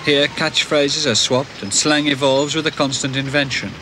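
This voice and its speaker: A man narrating a documentary in a measured, formal, scripted style. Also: mid-range voice, fairly even intonation, background noise. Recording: archival broadcast with music behind.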